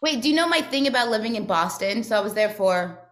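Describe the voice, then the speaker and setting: A woman co-hosting a casual chat, telling stories with animated quoted voices. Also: on the high side, fast. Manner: animated storyteller, acts out quotes. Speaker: co-host.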